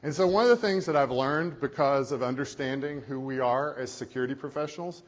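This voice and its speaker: A man's voice: medium pitch, brisk. Man telling stories on a conference stage. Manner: animated, conversational storytelling. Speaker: company CEO and conference speaker. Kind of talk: keynote presentation. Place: conference hall. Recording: echoey hall, dull lo-fi sound.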